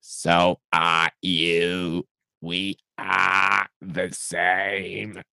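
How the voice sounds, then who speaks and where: A man voicing a cold, menacing alien war machine in a very slow, drawn-out, croaky voice. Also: deep voice, little pitch movement, sharp tone, no echo, studio quality, full character voice.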